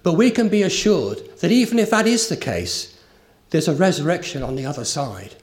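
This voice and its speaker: A man's voice: a little high, expressive, moderate pace. A man preaching a sermon, earnest and emphatic, with a story told along the way. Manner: earnest, rising emphasis on key phrases.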